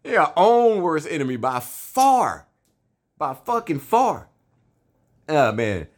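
A man's voice: a little high, slow, no echo. A man talking in a casual, profane, rambling monologue, filling his talk with "you know what I'm saying" and breaking into laughs. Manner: animated, often laughing between points.

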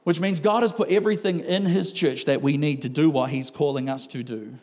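A man's voice: fairly high pitch, fairly even intonation, brisk, a little mellow. A male pastor preaching a sermon in a conversational way, with laughing asides and acted-out quotes.

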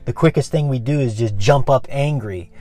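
A man giving an informal devotional message, earnest and repetitive, often dropping to a soft, low voice. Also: normal speed, faint music behind. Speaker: preacher.

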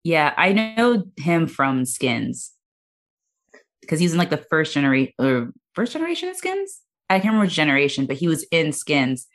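A woman's voice: low-pitched, sing-song, normal speed. A woman hosting a podcast in casual, joking chat, laughing often between remarks. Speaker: podcast host.

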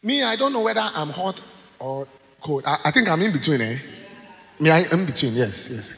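A man preaching, telling stories in an animated way and laughing as he goes. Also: on the high side, moderate pace, vocal fry. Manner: animated, laughs while telling stories, acts out quoted voices. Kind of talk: sermon with storytelling. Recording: long hall reverb.

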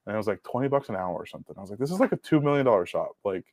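Fast-talking animated young guy, dry mic. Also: lowish voice, dry recording. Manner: animated storyteller, swears, acts out quotes loudly. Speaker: podcast guest, car detailer. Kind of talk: casual storytelling chat.

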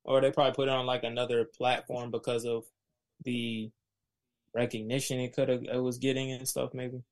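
A man joins a casual chat with short, easy remarks and questions. His voice sits at an ordinary middle pitch. He sounds laid back. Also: level tone, brisk. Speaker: co-host.

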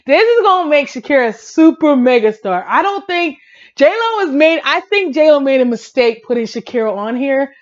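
A woman chatting casually about pop music and celebrity gossip, excitable, laughing often and breaking into song. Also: high-pitched, normal speed, dull audio. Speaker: pop culture vlogger.

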